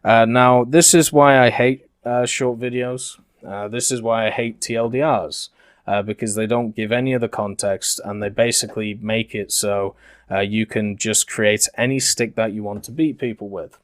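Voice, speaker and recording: A young Englishman from Yorkshire with a neutralized, softened Yorkshire accent, talking slowly and deliberately with many fillers as a gaming commentator. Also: fairly low pitch, steady tone, no room sound, studio quality. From Yorkshire, England. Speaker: gaming YouTuber. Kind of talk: commentary over game footage.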